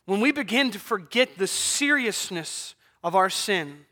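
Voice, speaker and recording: Man, preacher, sermon, high voice, bright tone, hushed-to-loud dynamics. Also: big pitch swings, measured pace, hardly any pauses. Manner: dramatic swings from hushed to loud.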